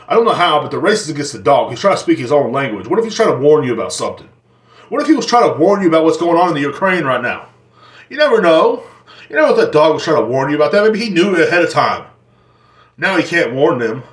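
A man hosting a solo podcast from home, ranting in a profane, joking, rambling way. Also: mid-range voice. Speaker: podcast host. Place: indoors at home. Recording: roomy echo.

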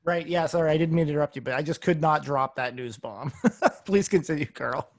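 A man's voice: fairly high pitch, brisk, slight background noise. A male podcast co-host with a somewhat raised voice speaks earnestly and laughs easily as he talks. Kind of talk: casual chat.

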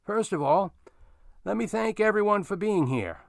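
A man's voice: high voice, lively intonation, normal speed, creaky, dry recording, studio quality, voice pushed up. A man voicing a courteous, slightly curt older man who acts as unofficial mayor of his street.

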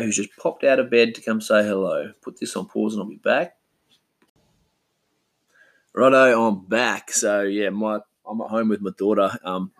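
An Australian man in his thirties talks at home into an omnidirectional mic, his voice sitting a little low. He rambles in a laid-back way, swears casually and keeps tossing in "man". It is an easygoing solo chat. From Western Australia.

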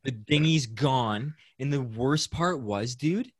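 A young man hosts a casual podcast chat, spinning a story with energy and putting on voices for the people he quotes. He fills his talk with "like" and quick laughs. The sound is dry and close. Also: mid-range voice, husky, dry recording. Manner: animated storyteller, acts out quotes, many "like"s and laughs. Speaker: podcast host.

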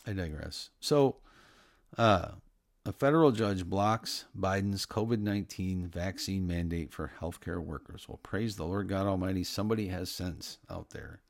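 Low, gravelly middle-aged man preaching. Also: no room sound, clean studio sound. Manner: earnest and preachy, halting with restarts. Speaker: Christian commentator. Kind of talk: casual religious commentary.

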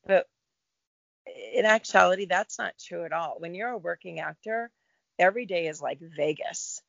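Reflective woman, gravelly edge. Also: lowish voice, normal speed, no echo, lo-fi sound. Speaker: guest actor. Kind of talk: casual interview chat.

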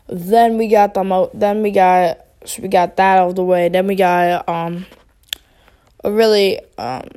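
A woman's voice: on the low side, dark tone. A woman giving a rambling, casual opinion rant as a wrestling vlogger, full of fillers and restarts.

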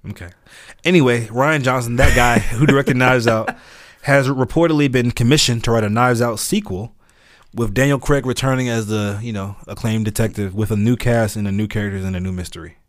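A man's voice: medium pitch, fairly quick, no echo, clean studio sound. A man as a podcast guest in casual chat, teasing and needling the host.

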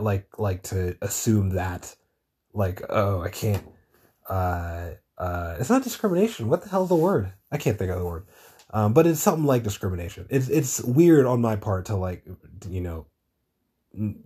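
A man's voice: on the low side, dark tone, slightly rough. A man hosting his own show, talking in a meandering, casual monologue full of swearing and searching for words. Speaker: podcast host.

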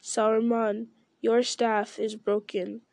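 A stern old male wizard who commands rather than asks, as a woman reads him aloud. His voice sits fairly high and stays flat and mellow. The sound is dry and close, like a storybook read at home. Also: no room sound, lightly acted. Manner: stern, measured reading.

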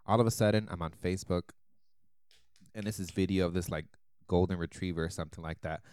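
A man with a lowish, smooth voice tells a story in casual podcast chat. His delivery is animated and broken up by frequent laughter. The recording is dry and close to the mic. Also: quick pace, dry recording. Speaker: podcast co-host.

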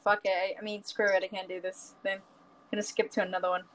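A woman's voice: medium pitch, little pitch movement, fast, fairly bright tone. A teenage girl as a guest in a casual chat, blunt and teasing.

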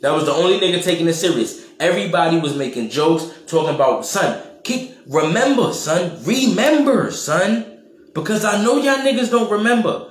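Profane animated man ranting, roomy sound. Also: a little high, fairly quick, hardly any pauses. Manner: profane, animated, slangy, mocking quoted voices. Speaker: podcast host. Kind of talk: casual monologue rant. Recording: roomy echo.

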